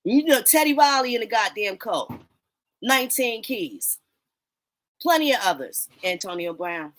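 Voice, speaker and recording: A woman's voice: fairly high pitch, a little slow. Blunt, foul-mouthed woman ranting casually. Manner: blunt, animated, swears often, talks to listeners as y'all. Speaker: host of a live audio talk room. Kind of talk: casual profane commentary.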